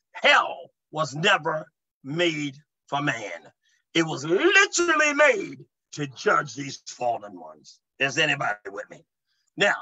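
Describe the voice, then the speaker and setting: A man's voice: sits high, bright, forceful tone, poor audio. A male preacher teaching a sermon to an online audience, emphatic and full of "amen" and calls to his listeners. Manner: emphatic, repeats "amen" and asks the audience to respond. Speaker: preacher, deliverance minister.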